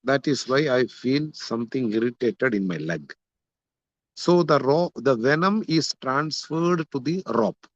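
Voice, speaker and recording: A man's voice: mid-range voice, lively intonation, a little slow, dry recording, highs cut off. A man teaching a scripture class, glossing Sanskrit terms one by one and repeating points for emphasis. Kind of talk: lecture explaining a Sanskrit text.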